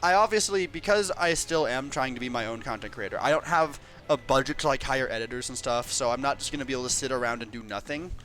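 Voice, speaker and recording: A man's voice: medium pitch, fast talker, few pauses, a bit bright, faint music behind. A man streaming live, chatting casually and laughing often as he plays. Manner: chatty, laughs often, reads game lines aloud in voices. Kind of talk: casual chat while playing and voicing game dialogue.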